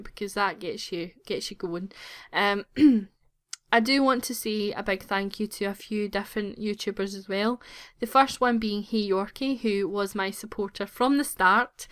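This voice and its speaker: A woman hosting her own channel, talking casually and warmly to viewers, gushing with gratitude and rambling with little restarts. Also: medium pitch, clear, resonant tone, no room sound, studio quality. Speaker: YouTube gaming channel host. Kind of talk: casual chatty vlog.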